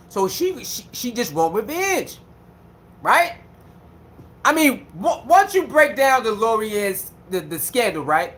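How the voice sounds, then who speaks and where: A man with speech giving a casual, animated commentary rant, repeating himself and mocking others. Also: sits high. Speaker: commentary streamer.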